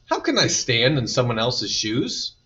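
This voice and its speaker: A man's voice: mid-range voice, wildly swooping pitch, unhurried, bright, forceful tone, heavily acted. A man voicing an eager young schoolgirl in a storybook read-aloud, asking earnest questions. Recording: dull distant recording.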